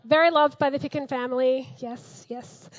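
A woman with a very high voice preaches a lively, chatty sermon and laughs easily as she speaks. The sound is dry and a little dull. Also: moderate pace, no room sound. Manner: animated, conversational, laughs often. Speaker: pastor.

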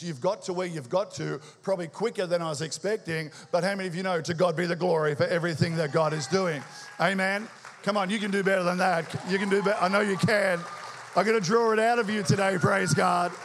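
A high-voiced Australian man preaching a sermon, quick and energetic as he rouses the congregation. His voice rings out with a long reverb from the church around him. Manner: energetic, rousing call-and-response with the crowd; talks quickly. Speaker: visiting preacher.

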